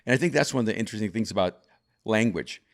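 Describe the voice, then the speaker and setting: Brief: older male guest, low voice, thoughtful storyteller who restarts his sentences. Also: expressive, quick pace. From El Salvador. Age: over 50. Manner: reflective, frequent restarts and repeated words. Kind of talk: conversational storytelling.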